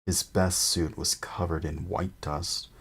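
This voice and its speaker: A man reading a storybook aloud in a very low, husky voice. He goes slowly and measuredly, now and then stumbling and restarting a word. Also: little pitch movement, a bit bright. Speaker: audiobook narrator.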